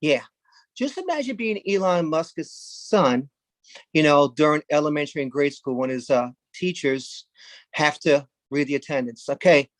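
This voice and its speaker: Rambling New comic, dry sound. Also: male voice, fairly high pitch, normal speed, no echo. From Brooklyn, New York. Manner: rambling, deadpan, with sudden loud jumps into put-on voices. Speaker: stand-up comedian. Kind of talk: stand-up comedy set.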